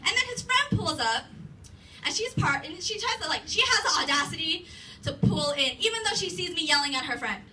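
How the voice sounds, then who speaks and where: Very high-voiced woman doing profane stand-up. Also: lively intonation, a little fast, bright, forceful tone. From Los Angeles area. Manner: profane, rambling storytelling with frequent "like". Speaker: stand-up comedian. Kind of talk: stand-up comedy set. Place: comedy club stage. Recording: distant mic, noisy club.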